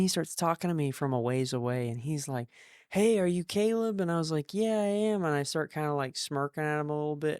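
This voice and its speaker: A young man hosting a podcast, telling a story in a casual, animated way, swearing freely and acting out the other people's lines. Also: mid-range voice, dry recording, studio quality. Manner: animated, profane, acts out quoted voices. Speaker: podcast host.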